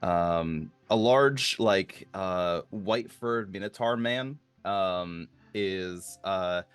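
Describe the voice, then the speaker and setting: A man running a tabletop game as game master, narrating in a halting way with many fillers. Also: low-pitched, clean tone, no room sound, soft background music.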